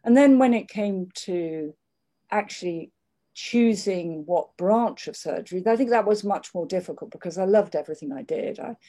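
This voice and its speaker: An older woman speaking in a measured, candid way, with frequent restarts, reflecting on her working life. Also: medium pitch, expressive, dark tone. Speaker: interviewee. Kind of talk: reflective conversation.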